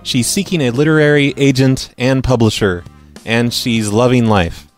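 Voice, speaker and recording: A man's voice: mid-range voice, steady tone, normal speed, soft background music. A man hosting a prank call podcast, blunt and sarcastic in casual commentary. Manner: blunt, sarcastic, reads tweets aloud. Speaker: podcast host.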